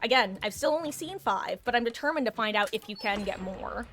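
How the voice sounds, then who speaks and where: A woman's voice: on the high side, animated, brisk, fairly bright tone, a little hiss or hum. A woman giving chatty, self-mocking live commentary on her game, laughing often. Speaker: streamer.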